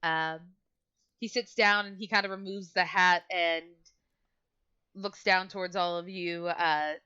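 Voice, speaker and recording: A woman runs a tabletop game, narrating casually and pausing often with fillers. Her voice sits somewhat low. The recording is dull and lo-fi. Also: fairly even intonation, pushed and bright, clean tone. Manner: casual, giggly, halting. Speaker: game master.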